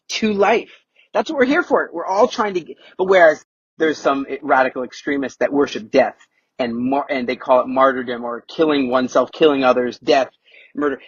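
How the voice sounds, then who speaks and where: A man's voice: fairly high pitch, slightly rough, no room sound, highs cut off. A man from the United States, a podcast guest talking emphatically and repeating key words, heard over a remote call. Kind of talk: casual interview talk.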